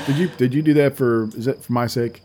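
Guy hosting a podcast, joking around and laughing, mid-pitch voice, then reading off an article. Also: steady tone, moderate pace, darkish tone, slight background noise. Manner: playful, teasing, laughing. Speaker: podcast host. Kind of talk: casual chat and reading an article aloud.

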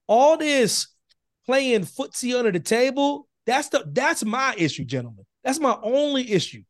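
A man co-hosting a casual podcast, talking in a high register. He is emphatic and repeats himself to keep the floor. The sound is dry and close. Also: big pitch swings, moderate pace, dry recording. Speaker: podcast co-host.

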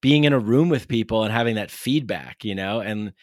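A man chatting casually on a podcast as a guest, playful and quick to slip into impressions. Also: fairly low pitch, a little mellow, no room sound, clean studio sound. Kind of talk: casual chat.

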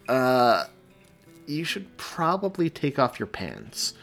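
A man reading aloud, voicing a wry, steady young man who speaks sarcastically but firmly and gently. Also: medium pitch, slow, gravelly, soft background music, pitched above the performer's own voice, exaggerated voice. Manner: sarcastic, then gentle and firm.

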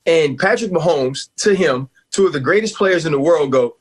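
A man with a husky, slightly high voice talks sports on a radio show. He is emphatic and animated and laughs often. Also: moderate pace. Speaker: guest analyst, former player.

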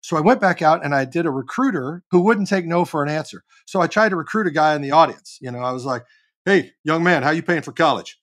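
Animated, profane storyteller, a man. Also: on the high side, quick pace, few pauses. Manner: animated, profane, barks when reenacting. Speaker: guest, actor and comedian. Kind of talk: casual storytelling interview.

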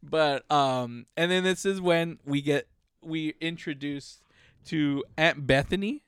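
A man co-hosting a casual podcast chat, animated and laughing often, swearing freely and acting out movie lines. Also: fairly high pitch, slow, clear, resonant tone, dry recording, clean studio sound. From United States. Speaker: podcast co-host.

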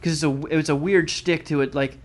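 A man's voice: a little high, steady tone, brisk. A man telling a crude, sarcastic story in casual chat. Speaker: podcast guest telling a story.

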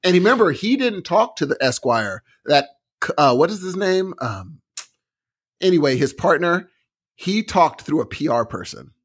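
Animated man telling stories in casual chat. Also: fairly high pitch, normal speed, slightly rough. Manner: animated storytelling, acts out quoted voices. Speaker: podcast co-host.

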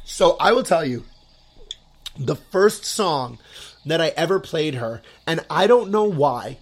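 Male host, slightly high voice, casual gushing ramble, heavy on "like". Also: slow, slightly rough. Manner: rambling, filler-heavy, loads of "like"; excitable, gushing. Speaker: podcast host. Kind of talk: casual chat.

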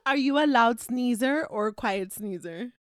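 A woman's voice: fairly high pitch, moderate pace, clean tone, no echo, studio quality. A young woman co-hosting a podcast, talking frankly and swearing freely in casual chat. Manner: frank, profane, laughing. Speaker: podcast co-host.

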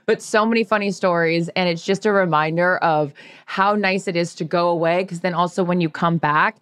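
Animated woman telling stories, dry sound. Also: fairly low pitch, moderate pace, smooth, no echo. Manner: animated storyteller, acts out quotes in voices. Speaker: podcast co-host. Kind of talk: casual chat.

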